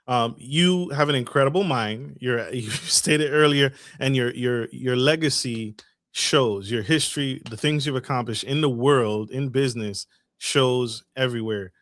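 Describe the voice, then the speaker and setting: A man hosting a podcast interview, asking questions in a halting way and affirming his guest. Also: medium pitch, a bit bright, no echo, studio quality. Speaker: podcast host. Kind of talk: casual interview talk.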